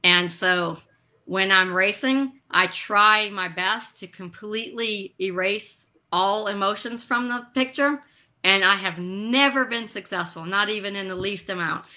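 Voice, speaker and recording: A middle-aged woman, a guest on a video call, telling stories in an animated, emotional way. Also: medium pitch, unhurried. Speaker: guest, drag racer. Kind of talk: casual interview chat.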